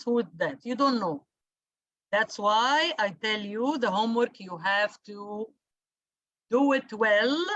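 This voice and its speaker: A woman's voice: on the high side, a bit bright, no echo. A woman teacher giving a class lecture, stressing and repeating key words, with many fillers.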